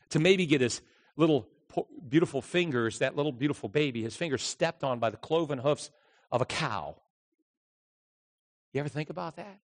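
A male pastor preaching a Christmas sermon, swinging between loud excitement and hushed, quiet moments. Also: medium pitch, normal speed. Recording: long hall reverb.

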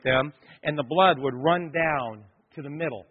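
A pastor delivers a dramatic, storytelling sermon straight to his congregation. This man has a fairly high, husky voice. The sound is a bit dull and lo-fi, with his words trailing off into the long reverb of a large church sanctuary. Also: a little slow. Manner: dramatic storytelling preacher, addresses the congregation directly.

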